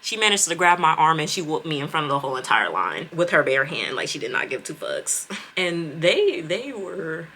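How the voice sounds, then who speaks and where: A young woman in casual storytime, animated and profane with laughing asides. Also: low-pitched, normal speed, hardly any pauses, husky. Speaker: storytime vlogger.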